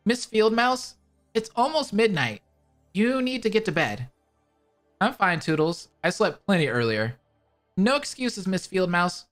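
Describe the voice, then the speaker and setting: Toodles is a small, lonely floating robot who talks in a soft, higher voice, as a man reads it aloud. He is polite and caring, fussing over bedtimes, and his pitch wanders lively. Faint music plays behind him. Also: a little slow, heavily acted. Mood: gentle. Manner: gentle, fussing.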